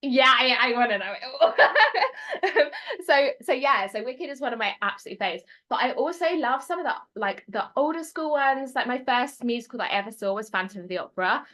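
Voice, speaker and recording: A woman from England, a guest on a podcast, chatting in a bubbly, excitable way and laughing often. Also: fairly high pitch, a little fast. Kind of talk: casual podcast chat.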